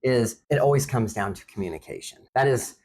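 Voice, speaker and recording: A man co-hosting a relaxed couple's podcast, earnestly explaining his point step by step. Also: medium pitch, fairly quick, husky. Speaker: podcast co-host. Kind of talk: casual couple's conversation.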